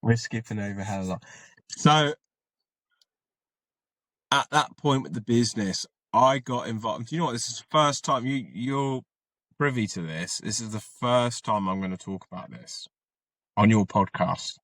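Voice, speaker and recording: A man's voice: medium pitch, moderate pace, fairly bright tone, no echo. A man, an army veteran and podcast guest, telling his story in a rambling, casual way and swearing freely.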